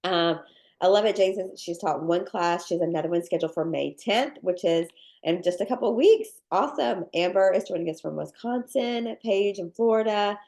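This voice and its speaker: A woman's voice: medium pitch, moderate pace, vocal fry, a little mellow. A woman with a head cold, her voice nasal and congested, hosting a live video-call class on cookie decorating and greeting people with upbeat welcomes and lots of fillers. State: congested with sinus drainage. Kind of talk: casual live webinar welcome.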